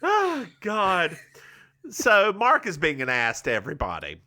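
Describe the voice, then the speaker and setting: A man's voice: high-pitched, huge pitch swings, measured pace, bright, forceful tone. A male podcast co-host in campy, giggly casual chat, recapping a TV episode scene by scene. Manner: campy, giggly, recounts scenes with quoted bits.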